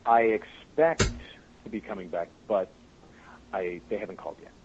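A man's voice: fairly low pitch, normal speed. A man who works as a voice actor, telling stories animatedly with frequent laughs in a casual interview. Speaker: voice actor guest. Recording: muffled podcast audio with faint noise.

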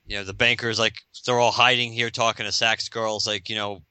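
On a dry, smooth recording, a podcast host with a lowish voice speaks fairly quickly. He casually recaps a comic book, laughing often and acting out lines in an animated way.

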